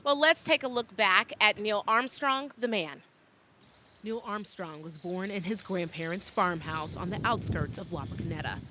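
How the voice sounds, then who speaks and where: A woman's voice: mid-range voice, moderate pace, background noise. A woman hosting a broadcast, presenting in an upbeat, polished way. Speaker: broadcast host.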